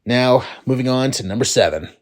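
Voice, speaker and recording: Male movie reviewer, casual and profane, exasperated rants with sudden loud spikes. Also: lively intonation, fairly quick. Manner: exasperated, profane, swings between low mutters and loud rising outbursts.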